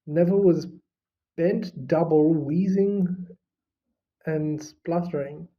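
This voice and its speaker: An audiobook reader narrates a storybook in a mid-range voice, unhurried and expressive. The recording sounds dull and lo-fi.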